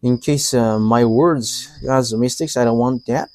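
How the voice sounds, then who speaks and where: A man preaching a live sermon, halting, with frequent pauses and fillers, and chuckling between statements. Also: mid-range voice, fairly even intonation, darkish tone, dry recording.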